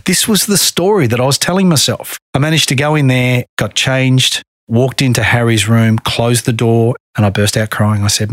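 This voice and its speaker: A middle-aged Australian man telling his own story in a podcast interview, earnest and measured. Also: mid-range voice, no room sound, studio quality. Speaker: guest.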